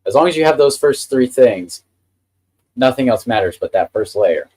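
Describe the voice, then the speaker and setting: A man's voice: mid-range voice, animated, moderate pace, a little mellow, slightly rough. A man hosting a casual live stream, chatting with enthusiasm about the printer he is handling. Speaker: livestream host.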